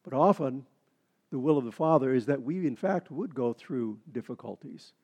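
A male pastor preaching a sermon, with frequent halting restarts that build into emphatic, rising delivery. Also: medium pitch, animated, darkish tone, husky.

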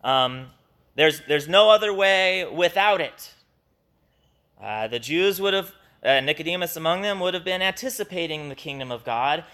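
A man's voice: on the high side, normal speed. A man leading a Bible study, explaining a passage in an earnest, conversational way and acting out the quotes he reads. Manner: earnest, animated when quoting scripture.

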